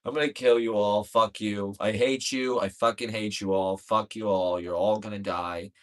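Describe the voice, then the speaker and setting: A man's voice: fairly low pitch, steady tone, moderate pace, natural voice. A man voicing a petulant old male politician, whining, profane and threatening.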